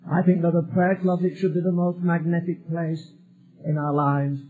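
A man's voice: a little high, little pitch movement, normal speed, mellow, faint music behind, rough recording. A male preacher delivering a sermon emphatically, building repeated phrases toward a climax.

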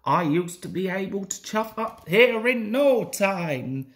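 A man reading aloud gives voice to a proud old steam engine who boasts about being fearless. The lines rise and fall widely and are spoken slowly, like a storybook brag. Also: high-pitched, animated, a bit bright, exaggerated voice. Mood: boastful.

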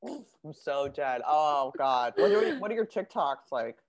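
A woman's voice: extremely low pitch, very animated, unhurried. A woman guest on a casual podcast chat, talking wryly and sardonically with plenty of swearing. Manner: wry, profane, sardonic. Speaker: guest author.

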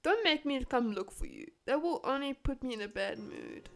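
A woman's voice: sits high, moderate pace, vocal fry. Chatty woman commenting while gaming. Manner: chatty, excitable, reads game text aloud. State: sick. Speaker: gaming channel host. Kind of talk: casual gameplay commentary.

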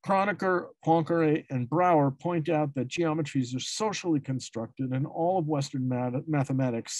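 A man reads an academic paper aloud at a symposium, his voice sitting a little high for a man. The sound is dry and close, with no room around it. He reads long, dense sentences and often stumbles, breaks off and corrects himself mid-word. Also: moderate pace, hardly any pauses, darkish tone, no room sound. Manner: reads dense prose with frequent self-corrections and restarts. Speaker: academic speaker. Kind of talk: reading a prepared academic paper.

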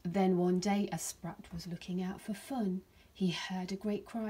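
A woman, a primary school teacher, reading a rhyming picture book aloud to her class in a gentle storytelling manner. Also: medium pitch, measured pace, husky.

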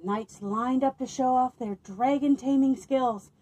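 A woman reads picture books aloud for children, taking her time and leaning into each line with expressive, playful delivery. Her voice sits fairly high and she breaks off for amused little asides. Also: unhurried, slightly rough, poor audio. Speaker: children's librarian.

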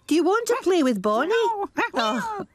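A fussy village postmistress. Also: female voice, very high voice, sing-song, moderate pace. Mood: fussing. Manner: fussing, chatty.

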